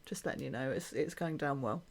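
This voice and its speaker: A woman's voice: rumbling low, a little fast, a crowd in the background. A woman co-hosting a podcast, reacting with short, dry quips. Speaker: podcast co-host. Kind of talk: casual podcast chat.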